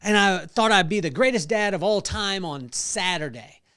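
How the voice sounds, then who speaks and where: A middle-aged man hosting a devotional podcast, telling a personal story with animated delivery and acted-out voices. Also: sits high, moderate pace, clean tone. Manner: animated, acts out voices in stories. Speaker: podcast host.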